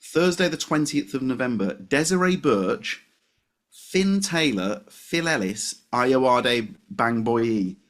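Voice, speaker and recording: Animated male podcast co-host. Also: medium pitch, slow. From West Yorkshire, England. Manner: animated, laughs at own jokes. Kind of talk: casual chat.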